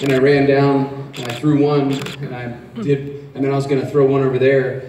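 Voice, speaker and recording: A man's voice: medium pitch, level tone, normal speed, mellow. A man chatting on stage in casual banter, teasing his partner and trailing off as he goes. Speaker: convention panel guest. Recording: echoey hall from far off, noisy.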